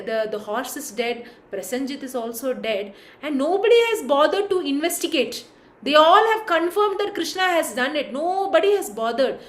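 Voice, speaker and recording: A woman telling a devotional story, expressive and often asking her listeners questions. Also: high voice, a little hiss or hum. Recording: echoey room.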